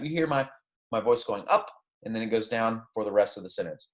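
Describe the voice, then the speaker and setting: This fairly low-pitched teacher, with lively intonation, leads a recorded Spanish lesson. He explains in English, pronounces Spanish phrases slowly as examples, and often asks "right?" or says "okay."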